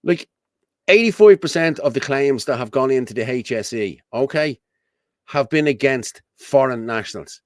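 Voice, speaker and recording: A man's voice: medium pitch, animated, normal speed, dry recording, clean studio sound. An Irish man hosting his own show, talking in a blunt, repetitive, colloquial ranting commentary. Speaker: host.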